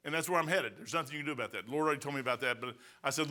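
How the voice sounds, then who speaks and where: A man's voice: medium pitch, racing, hardly any pauses, bright, forceful tone. A man in his sixties preaching a sermon as pastor, telling folksy stories with emphatic asides. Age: 60s.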